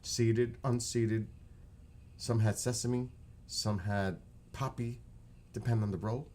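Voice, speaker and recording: A man's voice: medium pitch, steady tone, slow pace, pauses often, darkish tone, a little hiss or hum. A man with a New York accent, chatting casually on his live stream, rambling and joking.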